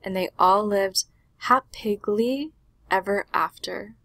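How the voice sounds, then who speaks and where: Slow, husky woman reading a picture book. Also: medium pitch, fairly bright tone, no echo. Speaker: narrator. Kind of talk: children's picture book read-aloud.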